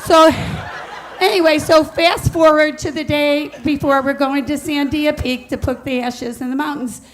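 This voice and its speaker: A middle-aged woman tells an audience a personal story, animated and laughing throughout as she acts out what others said. Her voice is high and her pace normal.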